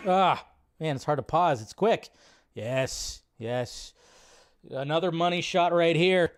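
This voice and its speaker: A man hosting a live stream, reacting to a movie trailer in an excitable, rambling way and swearing freely. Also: fairly high pitch, moderate pace. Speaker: host. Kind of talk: casual live-stream commentary.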